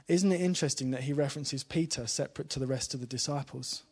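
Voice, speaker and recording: This mid-pitched male preacher talks to a live congregation in a relaxed, conversational style, fast and with hardly any pauses, his voice carrying a breathy edge. He repeatedly questions the audience and chuckles lightly, dropping to a quiet, hushed tone as he retells a story.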